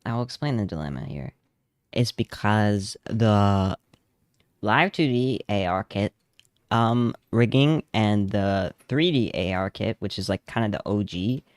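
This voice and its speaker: A young man chats casually on a home stream, drifting through anecdotes with a self-amused, rambling manner. His voice sits a little low and he takes his time with every phrase. The close desk mic keeps the sound dry, with no room echo. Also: clean tone. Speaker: vtuber streamer. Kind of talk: casual chat while drawing.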